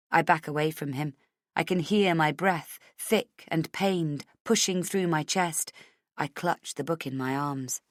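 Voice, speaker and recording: Woman reading a thriller audiobook, low voice, tense, dry close sound. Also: a little slow, dry recording. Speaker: audiobook narrator. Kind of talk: scripted first-person narration.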